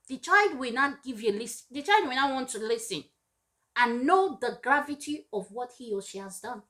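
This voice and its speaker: Earnest, high-voiced woman giving parenting advice. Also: expressive, moderate pace, pushed and bright. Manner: earnest and emphatic, repeats points for weight; acts out scolding parents in raised voices. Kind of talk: direct-to-camera advice talk.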